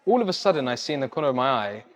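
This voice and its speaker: A young man, a social media creator and podcast guest, telling a story in a casual, animated way, jumping up in pitch when he acts out what people said. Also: racing. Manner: animated, acts out quoted voices with sudden pitch jumps.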